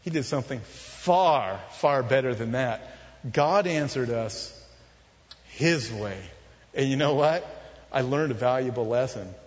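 Earnest man preaching in a big echoing hall. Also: measured pace. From Southern California. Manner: earnest, confessional storytelling with soft low stretches. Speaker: preacher telling his testimony. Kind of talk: sermon testimony. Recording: muffled, with long hall reverb.

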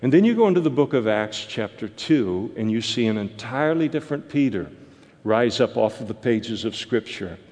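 A man delivers a verse-by-verse sermon at an ordinary pitch, halting on fillers before climbing into emphatic bursts. His voice rings with a long reverb from a hall. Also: very animated, a little mellow. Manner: many fillers and restarts, rising to emphatic peaks. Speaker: preacher.

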